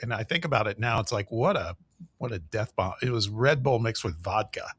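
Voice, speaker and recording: A man's voice: on the low side, expressive, brisk, fairly bright tone, slightly rough, no room sound. A man co-hosting a sports radio show, telling easygoing stories and reading the live chat aloud. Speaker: radio co-host. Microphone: studio microphone.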